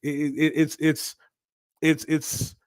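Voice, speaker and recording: A man's voice: a little high, monotone, takes it slowly, no room sound. Stammering man lecturing on relationships. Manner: stammering restarts, lecturing, rhetorical questions. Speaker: reaction commentary host. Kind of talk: casual commentary.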